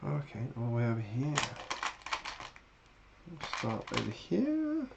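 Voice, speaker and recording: A man's voice: mid-range voice, huge pitch swings, unhurried, gravelly, dull audio, heavy background noise. British man, channel host, loose and chatty live-stream talker, mid-range voice, wanders through his sentences. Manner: chatty, rambling, many fillers and restarts. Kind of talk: casual live-stream chat while building.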